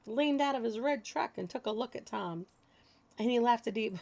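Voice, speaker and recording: Woman, children's storyteller, animated read-aloud, high-ish, gravelly. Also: normal speed. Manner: expressive, animated reading.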